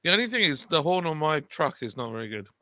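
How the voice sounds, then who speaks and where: A man's voice: on the high side, big pitch swings, quick pace, bright, forceful tone, dry recording. A man telling rambling anecdotes and correcting himself as he goes, in a casual livestream chat. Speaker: co-host.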